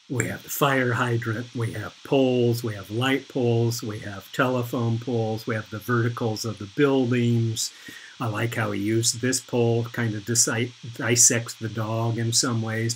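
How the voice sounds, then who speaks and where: A middle-aged man giving an art lecture, explaining slowly and pointing things out on images. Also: mid-range voice, a little hiss or hum, rough recording. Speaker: art instructor. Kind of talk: recorded lecture over slides.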